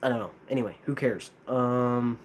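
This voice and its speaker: A man's voice: medium pitch, a little hiss or hum. Hesitant man with a lisp. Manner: hesitant, halting, many restarts. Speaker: streamer ranking plush toys. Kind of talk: casual live-stream chat.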